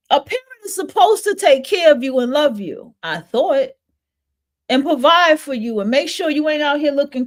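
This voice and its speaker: A woman in her thirties hosting a podcast, venting in a blunt, profane, emphatic monologue. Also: high voice. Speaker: podcast host. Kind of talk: casual monologue.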